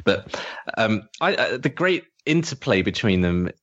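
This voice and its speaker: A man's voice: fairly low pitch, very animated, measured pace, a bit bright. A man chatting enthusiastically as a podcast co-host, rambling through his points. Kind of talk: casual chat. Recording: dull lo-fi audio.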